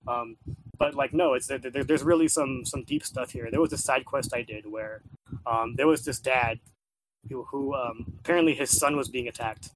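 A man's voice: medium pitch, normal speed, a little hiss or hum, low-quality recording. Rambling man in casual game chat. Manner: rambling, with many fillers and restarts.

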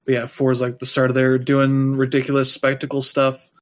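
A man's voice: mid-range voice, monotone, fairly quick. A man chatting casually as a podcast co-host, rambling loosely with lots of fillers and dropping wry, offhand asides. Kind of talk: casual chat.

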